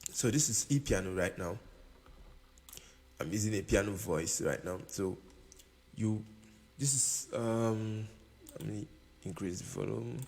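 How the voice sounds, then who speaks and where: A man's voice: on the low side, slow, creaky, pauses often, darkish tone. A man teaching music production in a casual tutorial while playing a keyboard, often repeating himself and checking that the listener understands. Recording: room with long reverb, keyboard music behind.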